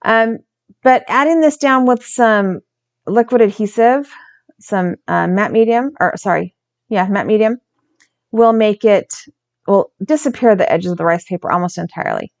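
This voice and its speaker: A woman's voice: medium pitch, normal speed. A woman hosting a craft channel, narrating her art journal process in a casual, chatty way, often correcting herself and stumbling over words.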